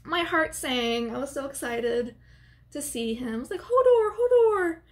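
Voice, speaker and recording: A woman casually recapping a horror film for her channel, chatty and expressive, with plenty of filler words and side comments. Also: on the high side, normal speed. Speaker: movie reviewer. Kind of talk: casual movie recap to camera.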